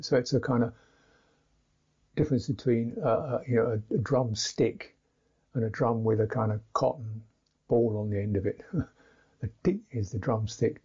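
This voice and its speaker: A man teaching pronunciation in a slow instructional talk, deliberately repeating and demonstrating each consonant sound. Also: mid-range voice, steady tone, a little mellow, breathy edge. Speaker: Buddhist meditation teacher. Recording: dull lo-fi recording.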